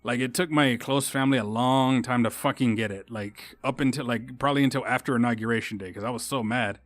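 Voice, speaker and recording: A man's voice: medium pitch, fast, dry recording. A young man from Texas hosting a solo podcast, ranting in a heated, rambling way with constant swearing and restarts. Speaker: podcast host. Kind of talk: casual solo podcast rant.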